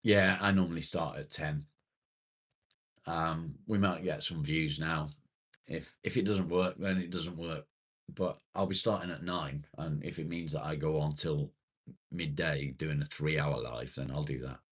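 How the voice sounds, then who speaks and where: Low, slow-talking man streaming live. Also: steady tone, a bit bright, slightly rough. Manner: swears often, rambling and self-deprecating. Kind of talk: casual live-stream chat reading comments.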